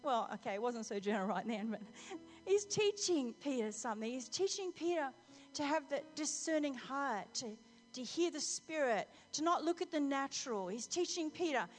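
A woman preacher giving a lively storytelling sermon, speaking directly to the congregation. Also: high-pitched, moderate pace. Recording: reverberant hall, faint music.

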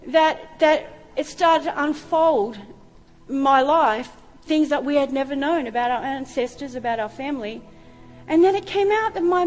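A middle-aged woman preaching a sermon, telling her own story with emotion. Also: high-pitched. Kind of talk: sermon testimony. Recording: reverberant hall with faint music.

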